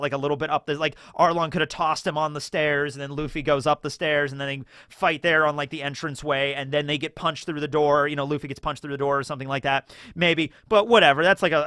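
Casual guy doing an episode breakdown, kinda high bright voice, rambly, dry close sound. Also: smooth, no room sound. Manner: chatty, rambling, full of 'like' and quoted bits. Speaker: YouTube host.

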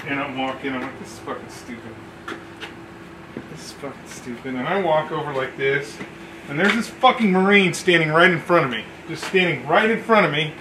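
A man telling a profane story about boot camp among coworkers, acting out shouts as he goes. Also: sits high, roomy sound, slight background noise, rough recording. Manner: animated, swearing, acts out shouts. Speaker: former Marine telling a story.

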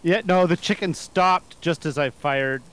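A high-voiced man chatting easygoing through a co-op game session, laughing at his own mistakes. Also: measured pace, fairly bright tone. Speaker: co-op player. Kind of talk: casual game chat.

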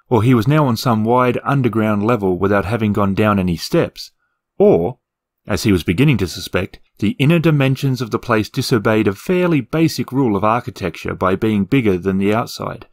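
A man reading a fantasy novel aloud with expressive storytelling and wry asides. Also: fairly low pitch, brisk. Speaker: narrator and reviewer.

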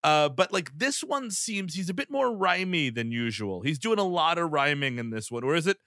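A man's voice: fairly high pitch, big pitch swings, normal speed, fairly bright tone, dry recording, studio quality. A man co-hosting a comedy movie podcast, riffing and joking with guests. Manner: jokey, riffing. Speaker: podcast co-host.

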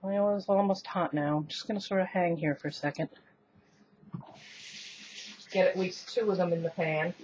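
A woman's voice: on the low side, fairly even intonation, moderate pace, pauses often, a little mellow, dull audio, slight background noise. A woman filming a casual cooking demo in her home kitchen, rambling and self-deprecating and laughing often as she talks to the camera. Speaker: cooking vlogger. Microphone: camera on the counter, later a handheld camera.

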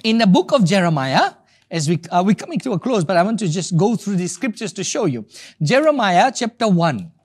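A man preaches, hammering home his points by repeating key words. His pitch swings widely as he builds emphasis. He sounds lively and insistent throughout. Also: brisk, husky. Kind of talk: sermon.

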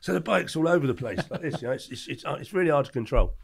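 Gravelly man telling stories. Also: a little high, racing. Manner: animated anecdotes with acted-out quotes. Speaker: podcast guest. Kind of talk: casual storytelling.

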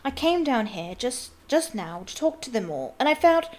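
A woman's voice: a little high, sing-song, moderate pace, a little mellow. A woman voicing an eager, bossy teenage schoolgirl witch who talks urgently. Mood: hasty. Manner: urgent and insistent.

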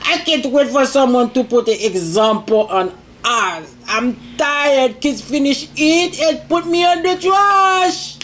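Woman playing a female Easter egg, slow drawl, broken English, a bit high, toy play. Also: fairly bright tone, slight background noise. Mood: grumpy. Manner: slow, broken non-native English grammar. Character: fed-up female Easter egg named Pula.

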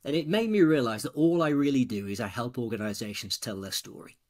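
A man's voice: mid-range voice, fast talker. A man, a storytelling coach on a podcast, talking casually and acting out quoted dialogue as he tells stories. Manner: animated, acts out quoted dialogue.

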